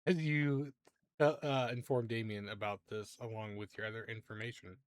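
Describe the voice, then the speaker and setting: A man narrating a tabletop game as game master, halting with many fillers and quick to laugh. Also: lowish voice, fairly even intonation, dry recording.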